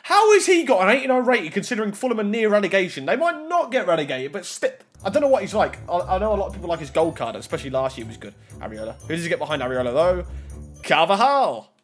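A young man giving casual, excitable commentary while opening game packs, shouting at good pulls and muttering at bad ones. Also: high voice, fast talker, husky, soft background music. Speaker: gaming YouTuber.

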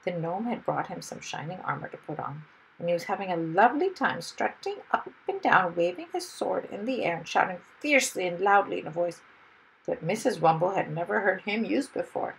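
Woman, storyteller, children's read-aloud, expressive, husky. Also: fairly low pitch, fairly quick, poor audio. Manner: lively, expressive reading.

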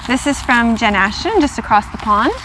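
A woman host chatting casually in her vlog as she unboxes gifts in a car, gushing and gasping with excitement. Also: a little high, normal speed, noisy background. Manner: gushing, excitable, gasps and squeals with delight. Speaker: yoga vlogger.

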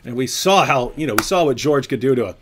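A man's voice: medium pitch, fast, over a noisy crowd. A man hosting a casual live video chat, telling stories animatedly and often repeating his words as he gets going. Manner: animated storyteller, repeats words when excited. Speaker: host.

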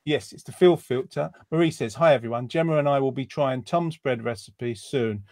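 A man's voice: mid-range voice, moderate pace, a little mellow, no echo, clean studio sound. A man hosting a casual online quiz show, reading out viewer comments in a jokey, rambling way. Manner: jokey, rambling, lots of ums. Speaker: host.

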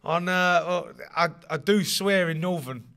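A man's voice: sits high, unhurried, vocal fry, crowd noise. A man, chatting in an interview, rambling and repeating words, laughing often. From London. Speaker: interviewee, rugby league player. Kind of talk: casual interview chat.

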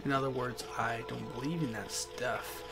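A young man hosting a let's play, talking casually and swearing loudly at the game. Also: medium pitch, fairly even intonation, gravelly, music in the background. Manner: loud, profane, quick frustrated outbursts. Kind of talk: casual gameplay commentary.

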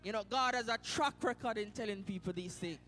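A Jamaican man preaching a sermon in a church, moving from hushed storytelling to loud shouted preaching. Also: high-pitched, a little fast, in a large hall, soft background music. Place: church sanctuary.

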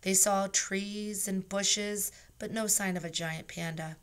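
A woman, a teacher, reading a children's chapter book aloud and giving the characters lively voices. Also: lowish voice, normal speed, few pauses. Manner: reads with lively character voices, soft whispers for whispered lines. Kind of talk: storybook read-aloud.

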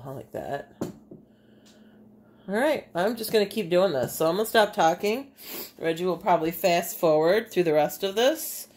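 A woman's voice: fairly low pitch, a little mellow. A woman with a Bay City, Michigan accent, an artist and teacher chatting casually as she demonstrates a craft in her home kitchen, thinking aloud as she works.

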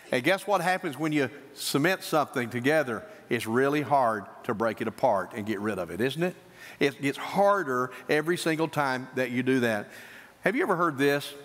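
Animated preaching man in a reverberant church. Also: fairly high pitch. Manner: animated preaching, swings between emphatic and soft. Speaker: pastor. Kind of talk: sermon. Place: church sanctuary.

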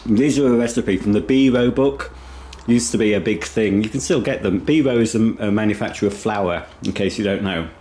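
A low-voiced man rambles through a casual home tour, chatting while he snacks. He talks into a handheld camera indoors, and a faint hiss sits under the voice. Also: brisk, warm tone. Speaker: vlogger. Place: inside a house.

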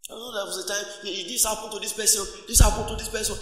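High, bright-voiced pastor preaching in an echoey hall. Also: male voice, quick pace. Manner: call-and-response preaching, animated, laughing. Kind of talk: sermon. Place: church auditorium.

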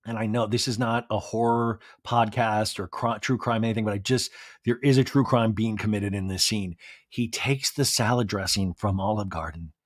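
A male podcast host giving a casual recap, animated and acting out quotes in put-on voices. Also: mid-range voice, dry recording, studio quality.

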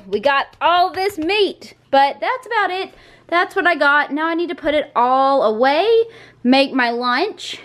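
A young woman, chatting casually through her day as a vlogger. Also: high-pitched. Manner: chatty, talks baby-talk to her dogs. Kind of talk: casual vlog narration.

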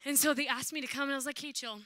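Animated young woman telling a church testimony. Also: sits high, very fast, no room sound. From Southern California, USA. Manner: animated, acts out quoted voices. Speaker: worship leader. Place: church sanctuary.

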